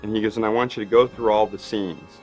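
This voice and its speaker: A man recounts an old story in an interview, stumbling through fillers and acting out the lines of others. His voice sits fairly low. Faint music plays beneath him. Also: fairly even intonation, fast talker, a little mellow. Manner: rambling, acts out quotes, many fillers. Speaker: special effects artist. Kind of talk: interview anecdote.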